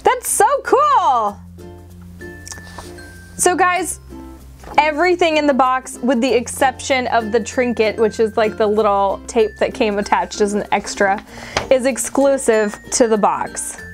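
A high-pitched woman gushes through a casual unboxing, gasping and squealing over each item. Her voice sits well above the usual range. Soft music plays faintly underneath. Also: normal speed. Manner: gushing, excitable, frequent gasps and squeals. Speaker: unboxing vlogger.

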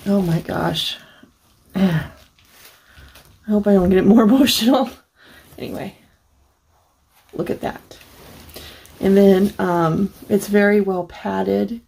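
Gravelly, gushing woman crafter. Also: mid-range voice, fairly even intonation, slow pace, pauses often, mellow, poor audio. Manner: gushing, admiring, full of fillers. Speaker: crafting channel host. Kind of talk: casual unboxing look-through.

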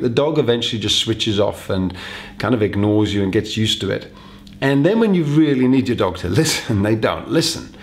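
A man who trains dogs, giving chatty, upbeat advice straight to the camera and repeating his main points. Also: medium pitch. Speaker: dog trainer. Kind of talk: direct-to-camera advice video.

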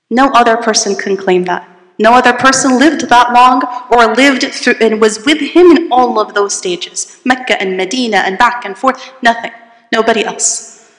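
A woman giving a storytelling religious talk to an audience, asking them questions as she goes. Her voice is bright and sits a little high. The room is large and echoey, with a long reverb trailing each phrase. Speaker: religious teacher. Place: retreat hall with audience. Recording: echoey hall.

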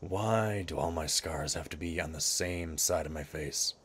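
Gruff, wry lizard-folk adventurer, put on by a man for in-character game commentary, deep and dry, faint hiss behind. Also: unhurried, fairly bright tone. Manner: dry sarcastic asides. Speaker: streamer.

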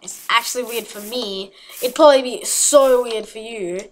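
High-voiced chatty woman gaming. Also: normal speed, slight background noise, low-quality recording. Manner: chatty, rambling, excitable outbursts. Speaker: gaming YouTuber. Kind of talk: gameplay commentary.

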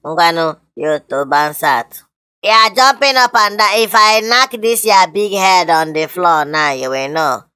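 A Nigerian comedian with a lively, bright voice that swings all over the place, recorded dry and close. He blusters and makes threats in a comedy skit. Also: high voice, measured pace, clear, resonant tone, dry recording.

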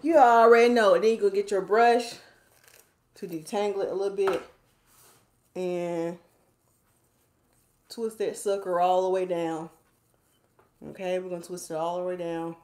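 A woman's voice: fairly low pitch, fairly even intonation, unhurried, pauses often, a little mellow, echoey room. A woman, a hair stylist chatting playfully with viewers while doing a hair tutorial at home. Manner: chatty, playful, talks to viewers as y'all, reads comments aloud. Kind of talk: casual livestream hair tutorial chat.

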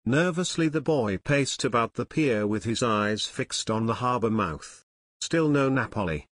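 A man's voice: medium pitch, expressive, a little slow, a bit bright, dry recording. Man narrating an audiobook. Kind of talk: scripted narration.

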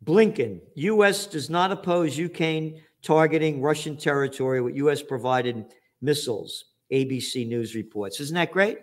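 A trends forecaster and show host with a fairly high voice rants at news headlines at a normal pace. He reads each headline and then mocks it, profane, sarcastic, and shouting.

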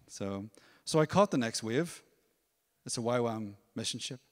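A man's voice: medium pitch, slow, pauses often. Man telling a story in a reverberant church. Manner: storytelling, animated, acts out voices. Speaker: worship leader. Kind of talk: testimony at a church service. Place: church hall.

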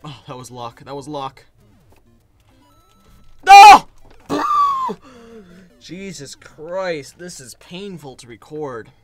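A hoarse young man giving casual commentary while playing a game, getting frustrated and yelling at it. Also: medium pitch, a little slow, few pauses, faint music behind. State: hoarse, voice worn out. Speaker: gaming video creator.

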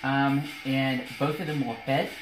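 A woman's voice: a bass voice, steady tone, unhurried, over loud music. A woman narrating as dungeon master in a casual, rambling way. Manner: casual, rambling with many fillers. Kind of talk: narrating a tabletop game. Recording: echoey room.

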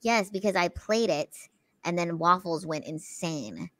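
Woman guest, casual chat, relaxed, matter-of-fact, mid pitch, dry close sound. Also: unhurried, no echo. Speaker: podcast guest.

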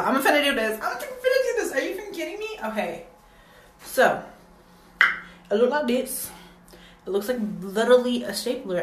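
A young woman vlogging casually at home, excitable and dramatic, with sudden loud exclamations. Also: a little high. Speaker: beauty vlogger. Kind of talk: casual vlog chat. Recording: echoey room with faint noise.

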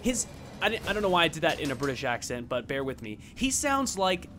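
A man's voice: on the high side, very animated, quick pace, pushed and bright, soft background music. A man casually commenting on his gameplay, chatty and joking, often laughing. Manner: chatty, laughing, playful jokes. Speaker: let's play host.

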